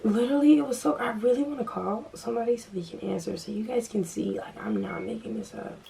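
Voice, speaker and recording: A woman's voice: fairly high pitch, animated, fast, creaky, recorded from a distance, background noise. A young woman vlogger telling a story in casual chat, full of fillers and restarts.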